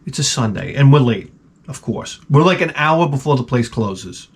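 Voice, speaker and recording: A man hosting his own channel, telling a rambling comic story with lots of swearing and loud mouth sound effects. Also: mid-range voice, normal speed, husky. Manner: animated, profane, with loud sound-effect imitations. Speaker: channel host. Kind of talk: rambling comedic monologue.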